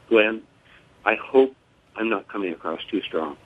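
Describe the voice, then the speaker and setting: Older guy on the phone, lowish voice, slow careful formal way of talking, crackly thin line. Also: expressive, narrow, tinny audio. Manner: measured, deliberate, formal. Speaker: guest, father of a fallen soldier. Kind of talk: phone interview.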